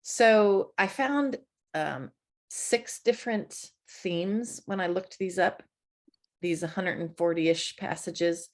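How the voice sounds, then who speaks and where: A woman preaching a conversational sermon, chatty and quick to laugh. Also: on the low side. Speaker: church speaker.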